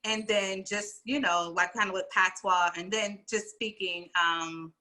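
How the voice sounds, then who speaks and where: Woman, bright tone, animated, casual slang, conversational, video call. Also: medium pitch, unhurried. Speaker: discussion panelist.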